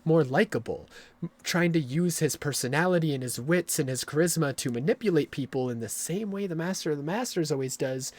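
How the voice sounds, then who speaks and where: A man streaming a video game live, explaining the story at length in a rambling, excitable way and swearing often. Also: fairly high pitch, brisk.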